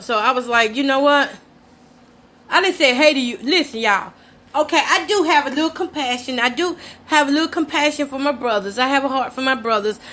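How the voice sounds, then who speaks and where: A woman's voice: high-pitched, a bit bright. A middle-aged woman hosting a vlog, telling a personal story in a candid, chatty way, talking straight to her viewers and laughing between lines. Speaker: host.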